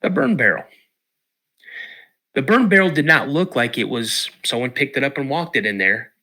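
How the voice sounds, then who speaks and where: A man from Washington State, a podcast guest telling an animated story and acting out the other people's lines. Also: medium pitch, a little fast. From Washington State, USA. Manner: lively storyteller who acts out the voices of others.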